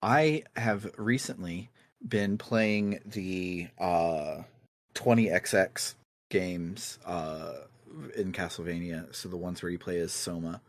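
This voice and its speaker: A male podcast co-host chats casually about video games in a relaxed, meandering way, laughing often and taking it slowly. His voice sits a little low, and the close, dry recording has no echo or room sound.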